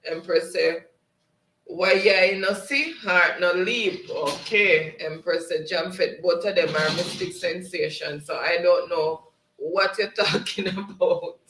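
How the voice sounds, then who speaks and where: A man with a slightly high voice hosts a live stream, reading viewer comments aloud in a casual, laughing way. He sounds set back from the microphone in a roomy space. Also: takes it slowly, pushed and bright, slight background noise. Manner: laughs often, reads chat aloud. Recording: roomy, distant mic.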